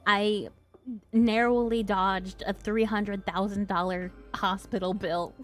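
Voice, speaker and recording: A woman's voice: medium pitch, level tone, slow, faint music behind. A young woman hosting her stream, chatting casually with viewers and laughing often. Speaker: streamer host.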